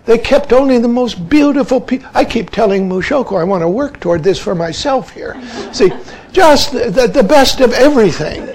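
Male Zen teacher with a high voice, giving an emphatic, repetitive dharma talk. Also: animated, normal speed, darkish tone, low-quality recording. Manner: emphatic, repeats "see" as a verbal tic.

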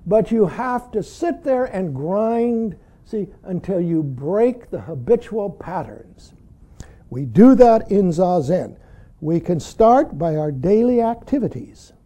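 A man's voice: high-pitched, very animated, takes it slowly, warm tone. A man giving a dharma talk as a Zen teacher, blunt and teasing, who laughs readily and keeps saying "see".

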